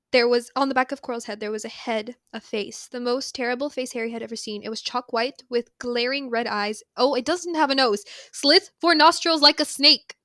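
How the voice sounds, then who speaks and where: Bright, chatty woman recapping a book. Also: fairly high pitch, no room sound, clean studio sound. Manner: retells the story with slangy asides and quick impressions. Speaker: podcast co-host. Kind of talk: casual book recap chat.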